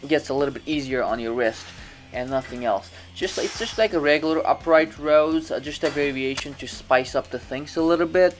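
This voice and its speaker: A man talking through his workout as a fitness vlogger in a gym, casual and rambling, often restarting his sentences. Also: mid-range voice. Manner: rambling, many restarts and self-corrections.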